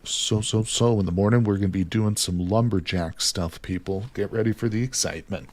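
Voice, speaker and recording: An American man streams a game, chatting casually with viewers and addressing them as "people" while commenting on gameplay and chat. His voice is fairly low, a little fast and a little mellow.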